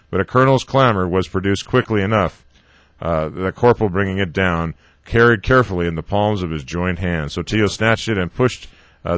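A man reading a novel aloud, haltingly, often stumbling over words and correcting himself. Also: low voice, no echo. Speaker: reader.

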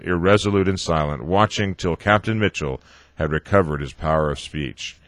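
A man reading a novel aloud, haltingly, often stumbling over words and correcting himself. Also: low voice, fairly bright tone, dry recording. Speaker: reader.

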